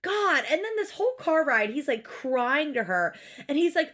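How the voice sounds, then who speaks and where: Animated high-voiced woman podcast host. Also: normal speed, hardly any pauses. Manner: animated, exasperated, swears freely, acts out quotes. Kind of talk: casual recap chat.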